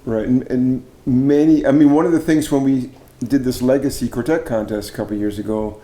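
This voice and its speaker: Chatting casually and admiringly with a fellow singer, a middle-aged barbershop arranger and judging chair from Canada sounds enthusiastic and restarts his phrases. His voice is mid-range and dark-toned, brisk with fairly even intonation, in an echoey room.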